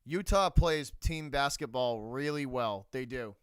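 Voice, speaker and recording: Blunt Boston-accented man, crisp voice. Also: mid-range voice, unhurried, dry recording. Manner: blunt, repeats himself, shouts out viewers. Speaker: livestream host. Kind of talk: live sports reaction stream.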